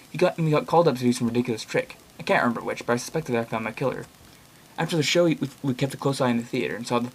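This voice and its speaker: Young guy reading creepy blog posts out loud, rambles a lot, opinionated, swears here and there. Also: medium pitch, slight background noise. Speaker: reader and commentator of online horror blogs. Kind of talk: casual reading aloud with commentary.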